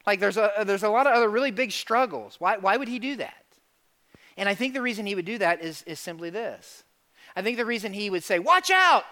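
A middle-aged male pastor preaching a lively sermon, acting out quotes and calling for amens. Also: high-pitched. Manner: animated preaching, asks for amens, acts out quotes.

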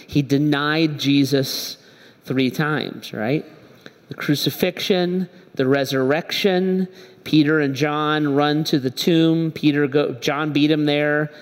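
A male pastor preaching a sermon in a church, telling the story conversationally and acting out the dialogue. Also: a little high. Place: church hall. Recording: echoey hall.

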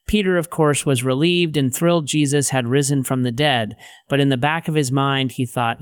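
A man's voice: mid-range voice, steady tone, normal speed, clean tone, dry recording. A man narrating a Bible story in a conversational way with modern paraphrases, on a close studio mic.

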